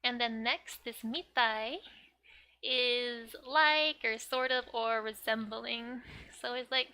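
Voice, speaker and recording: A woman walks through a comic page in a relaxed, unhurried lesson, her voice a little high and bright. She talks in a chatty way, fills gaps with "like," and laughs often. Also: clear, resonant tone. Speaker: Japanese teacher. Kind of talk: casual manga lesson.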